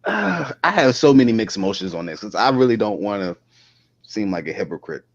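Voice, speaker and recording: A man's voice: lowish voice, sing-song, a little fast. A man co-hosting a podcast in loose, slangy casual chat. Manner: loose, slangy, mocks others with mimicry. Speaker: podcast co-host. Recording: dull lo-fi audio.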